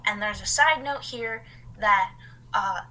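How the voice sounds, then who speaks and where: A woman's voice: mid-range voice, takes it slowly, bright, forceful tone, low-quality recording. A woman co-hosting a podcast, telling a story in a casual, rambling way as she reads from her notes and adds asides. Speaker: podcast co-host.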